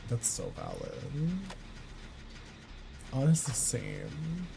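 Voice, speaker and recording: A man chats and jokes through a live gaming session, his pitch bouncing up and down as he reacts. He laughs easily and teases his teammates. A faint hum of ambience sits behind his voice. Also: drawn-out words, creaky. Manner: animated, joking, laughs often. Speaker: streamer. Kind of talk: casual chat while gaming.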